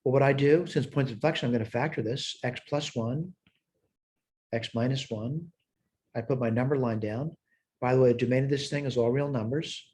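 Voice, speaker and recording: In a recorded math walkthrough, a man thinks aloud while solving problems step by step at a whiteboard, screen shared. His voice is medium in pitch, a little mellow, and fairly quick.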